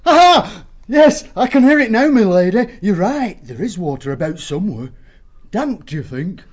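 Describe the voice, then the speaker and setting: A man's voice: sits high, sing-song, moderate pace, breathy edge, pitched above the performer's own voice, heavily acted. A man voicing an eager, servile male weasel captain. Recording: dull lo-fi audio.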